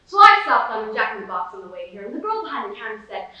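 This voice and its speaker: A late-teen woman, a student competitor, performs a competitive dramatic monologue as BoJack Horseman, the bitter, washed-up, middle-aged male sitcom-star horse. Her voice is a little high, sing-song, quick, sharp and exaggerated, sardonic, rambling and self-pitying. She's recorded from far off in an echoey hall.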